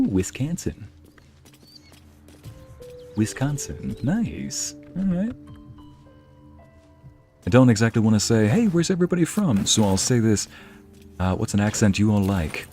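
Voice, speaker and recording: Low-voiced man chatting on a stream. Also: mellow. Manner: chatty, muses aloud and reads out chat. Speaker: streamer playing a game. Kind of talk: casual live-stream chat.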